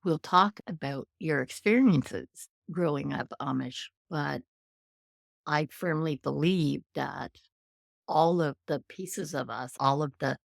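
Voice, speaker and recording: A woman's voice: low-pitched, slow pace, vocal fry, no room sound, studio quality. Effusive Canadian woman hosting an interview. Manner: warm, effusive, thoughtful. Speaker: podcast host. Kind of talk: conversational interview.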